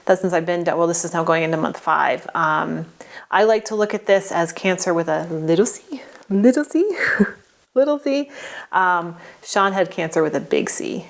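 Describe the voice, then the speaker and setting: A woman in her forties with a somewhat low voice speaks to camera in a personal vlog. She talks earnestly and haltingly, often restarting her sentences and filling pauses. Emotion sits close to the surface, and she seems near tears at times. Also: fairly even intonation, vocal fry. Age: 40s. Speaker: vlogger sharing a health update.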